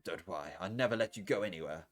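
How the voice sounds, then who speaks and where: A man's voice: deep voice, fast talker, faint music behind, natural voice. A man reading the lines of a brash but caring young man in a visual novel, blunt and name-calling. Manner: blunt, calls her names affectionately.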